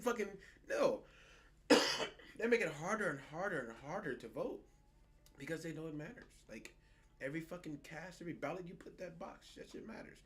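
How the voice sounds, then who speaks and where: A young man co-hosting a podcast in casual political chat, animated and profane, often mocking other people's words. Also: on the high side, normal speed. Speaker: podcast co-host.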